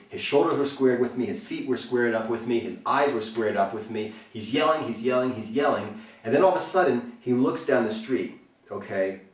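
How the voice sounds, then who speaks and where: A man explaining self-defense as an instructor, speaking earnestly and often checking in with a quick "okay?". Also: mid-range voice, distant mic. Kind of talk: instructional talk. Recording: roomy, mic set back from speaker.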